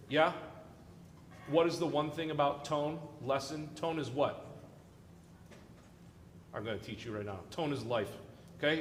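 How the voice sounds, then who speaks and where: A man's voice: fairly high pitch, slight background noise. A man leading an orchestra rehearsal, joking and encouraging the players as he coaches them. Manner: playful, encouraging, jokey. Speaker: orchestra conductor. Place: large concert hall. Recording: echoey hall with long reverb.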